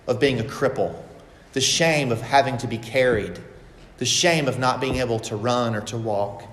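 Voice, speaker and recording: A man preaching a sermon, expressively acting out the quoted lines of the story. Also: medium pitch. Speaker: pastor. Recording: echoey hall with long reverb.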